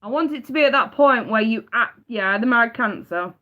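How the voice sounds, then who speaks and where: A woman's voice: a little high, expressive, a little fast. A woman giving a live tarot reading, blunt and emphatic, swearing freely and repeating her points. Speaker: tarot reader. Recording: dull lo-fi sound.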